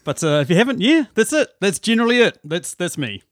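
Kiwi guy chatting on a podcast, high and bouncy, laughs a lot, dry close sound. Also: very animated, quick pace, no echo. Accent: New Zealand. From New Zealand. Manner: laughing, self-deprecating banter. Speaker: podcast guest. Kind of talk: casual chat.

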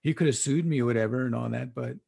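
A man's voice: medium pitch, fast talker, vocal fry, dark tone, breathy edge. A man co-hosting a casual podcast, talking in laid-back slang and mixing in Spanish words. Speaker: podcast co-host. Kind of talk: casual chat.

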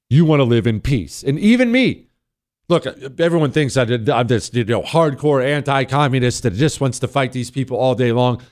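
A man hosting a talk radio show, delivering an emphatic, repetitive monologue with sudden high peaks. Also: darkish tone.

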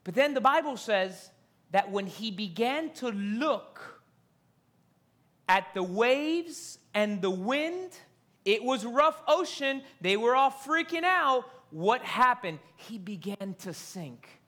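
A man's voice: extremely high pitch, big pitch swings, slow, bright, forceful tone. A man preaching a fervent sermon, repeating phrases and dropping to whispers for emphasis. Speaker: pastor.

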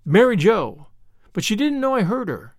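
A man's voice: sits high, very animated, moderate pace, darkish tone, dry recording, studio quality, pitched above the performer's own voice. A man reading the part of an eager, earnest little boy with polite, old-fashioned speech.

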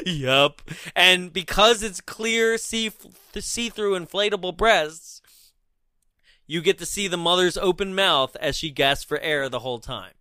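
A woman co-hosting a casual film review chat, animated and laughing, acting out lines in shrieks. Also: fairly low pitch, a little slow, no echo. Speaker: podcast co-host.

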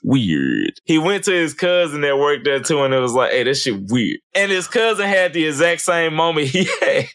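A fairly high-voiced man spins crude, animated stories in casual talk, jumping into other people's voices as he goes. The sound is dry and close. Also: fairly quick, few pauses, clean tone, no echo. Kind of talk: casual chat.

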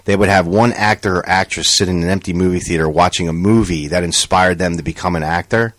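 A young man with a fairly low voice, recorded close and dry with no room sound. He chats casually on a podcast, telling an animated story, acting out quotes and swearing freely. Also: a little fast, no room sound. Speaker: podcast co-host. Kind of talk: casual chat.

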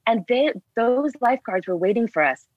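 A woman guest in a casual chat, telling rambling, animated stories packed with fillers. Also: on the high side, normal speed, dry recording, phone-quality sound. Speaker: spearfishing guest.

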